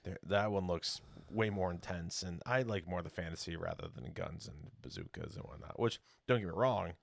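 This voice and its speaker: A man co-hosting a casual podcast, chatty and eager, quick to jump in with guesses. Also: low voice, vocal fry, a little hiss or hum. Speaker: podcast co-host. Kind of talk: casual chat.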